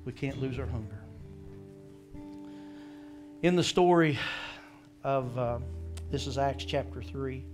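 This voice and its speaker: Animated preaching man, faint music behind. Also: mid-range voice, takes it slowly, long pauses. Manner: animated preaching, acting out scripture voices, asking the congregation. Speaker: pastor. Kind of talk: sermon.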